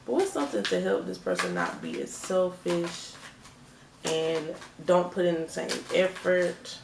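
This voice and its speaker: Gravelly woman reading tarot. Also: lowish voice, sing-song, unhurried, noisy background. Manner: chatty, emphatic, repeats phrases, laughs often. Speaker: tarot reader. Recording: echoey room, distant mic.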